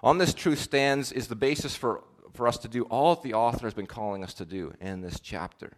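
A man preaching a sermon, earnest, rising to emphatic swells and dropping to soft, quiet endings. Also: on the low side, lively intonation, brisk.

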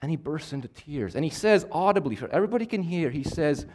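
A man preaching a sermon, swinging between emphatic, louder passages and hushed, quiet ones. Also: on the high side, expressive, fast, few pauses. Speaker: pastor.

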